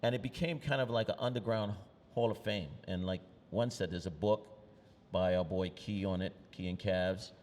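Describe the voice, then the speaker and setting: At an outdoor panel, a middle-aged graffiti artist from New York relates street anecdotes in a low, darkish voice, acting out what others said. He speaks at a moderate pace; the recording has a little hiss or hum and a long reverb from the large space.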